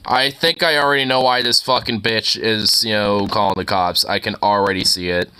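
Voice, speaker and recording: A man's voice: fairly low pitch, moderate pace, slight background noise. A man streaming, reacting to a video with casual, profane, exasperated commentary. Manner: animated, profane, exasperated ranting.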